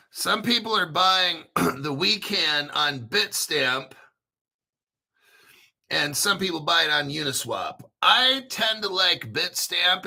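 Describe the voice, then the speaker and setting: A man hosting a crypto show in a casual livestream rant, profane and brash, often clearing his throat. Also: sits high, sharp tone.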